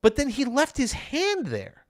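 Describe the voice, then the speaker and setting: A man with a New York accent, co-hosting a casual podcast chat and telling a story with lively, acted-out quotes. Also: extremely high pitch, unhurried, no echo, clean studio sound. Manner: animated storyteller, acts out quoted lines loudly. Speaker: podcast co-host. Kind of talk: casual chat over beers.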